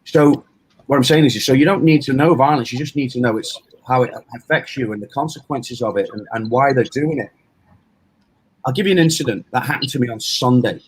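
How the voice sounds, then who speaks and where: A man's voice: medium pitch, brisk, a little hiss or hum, low-quality recording. A middle-aged man from England, a self-defense instructor, talking casually in a rambling, storytelling way with lots of restarts and fillers. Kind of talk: casual interview talk.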